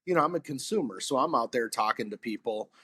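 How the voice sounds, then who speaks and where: Man, sales talk guest, husky, lively storyteller, voices customer back-and-forth. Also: mid-range voice, fast. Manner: animated storyteller acting out customer dialogue.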